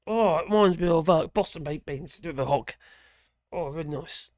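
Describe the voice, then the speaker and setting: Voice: medium pitch, brisk, darkish tone, no echo, studio quality. A live-stream host from Norwich, chatting casually and reacting aloud to viewer comments in a rambling way. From Norwich, England.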